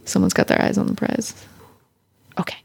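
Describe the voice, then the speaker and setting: A woman's voice: moderate pace, darkish tone. A woman playing an improvised romance role-play game, narrating her character's moves in a playful, giggly way. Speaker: co-host and player.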